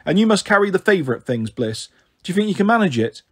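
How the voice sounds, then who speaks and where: A man voicing a caring, bossy big-sister girl with a brisk, mothering way of talking, raising his voice higher than his narration. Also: big pitch swings, breathy edge, heavily acted.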